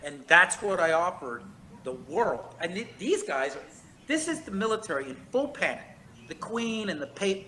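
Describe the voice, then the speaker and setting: A man's voice: sits high, sharp tone, a little hiss or hum, rough recording. A man in a casual chat, telling long stories in a profane, emphatic way. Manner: profane, emphatic, fast storytelling. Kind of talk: casual chat, rambling monologue.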